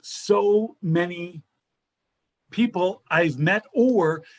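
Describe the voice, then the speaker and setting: A man telling funny stories as a guest on a casual online talk show, lively and quick to act out the people he quotes. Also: high-pitched. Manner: animated, jumps into voices for quoted people. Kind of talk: casual comedic storytelling. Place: home video show, remote call.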